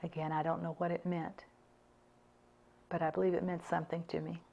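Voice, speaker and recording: A woman's voice: lowish voice, level tone, a little fast, creaky, darkish tone, dull audio. An older woman giving an earnest talk, telling her own stories and acting out what people said. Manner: earnest, acts out quoted dialogue. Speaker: speaker at a club talk. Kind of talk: personal storytelling talk.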